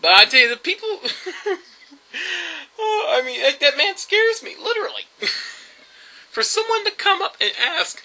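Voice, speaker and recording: A man's voice: very high voice, big pitch swings, moderate pace, long pauses, sharp tone, rough recording. A man, telling rambling stories in a casual vlog monologue, full of fillers and laughs. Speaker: YouTube vlogger.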